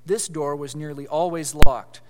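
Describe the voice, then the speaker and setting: A man's voice: a little high, steady tone, a little slow, long reverb tail. A man reading a children's story aloud with expression, then explaining it with growing animation as a preacher.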